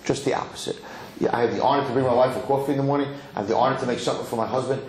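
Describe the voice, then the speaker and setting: A man giving a lively Torah lecture as a rabbi, emphatic and given to repeating words as he builds to a story. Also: medium pitch, racing. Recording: roomy hall with faint noise.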